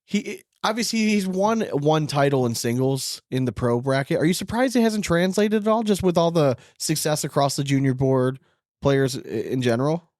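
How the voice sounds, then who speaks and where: A man's voice: on the high side, animated, normal speed, darkish tone, dry recording, clean studio sound. A man co-hosting a podcast in a laid-back, chatty way, laughing often. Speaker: podcast co-host. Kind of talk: casual chat.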